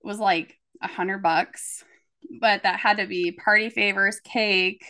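Speaking a little slowly in a mid-range voice, a woman hosts a casual podcast chat. She recounts stories with plenty of energy, voicing what each person said.

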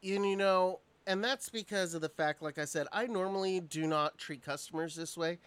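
A man's voice: high-pitched, moderate pace, a bit bright, clear, resonant tone. A man, a restaurant manager, telling a work story in casual, profane podcast chat.

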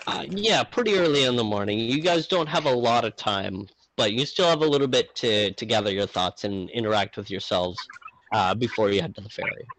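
A man's voice: fairly low pitch, brisk, fairly bright tone, slight background noise, low-quality recording. A man running a tabletop game as game master, narrating in a rambling way with many fillers.

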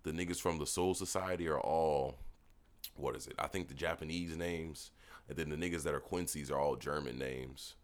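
A man's voice: very deep voice, fairly even intonation, moderate pace. A young man co-hosting a podcast in casual chat, rambling through stories, swearing freely and laughing at his own jokes. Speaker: podcast co-host.

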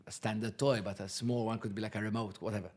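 A man with a gravelly, creaky voice chats as a podcast guest. He rambles, restarts sentences and laughs easily while recalling family habits. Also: lowish voice, fairly even intonation, quick pace, darkish tone. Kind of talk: casual chat.

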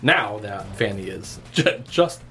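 A man's voice: lowish voice, lively intonation, slow, sharp tone, a little hiss or hum. A man narrating as game master in a casual way, full of fillers and laughs.

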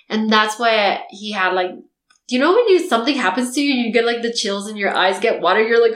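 A woman's voice: on the high side, fairly quick. A young woman, a podcast host, telling a personal story in casual chat and acting out what people said. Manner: animated storytelling, acting out quotes. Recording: echoey room.

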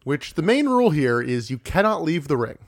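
A man's voice: fairly high pitch, sing-song, a little fast. A man co-hosting a wrestling podcast, recapping matches in an easygoing, matter-of-fact way. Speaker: podcast co-host. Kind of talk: casual wrestling recap chat.

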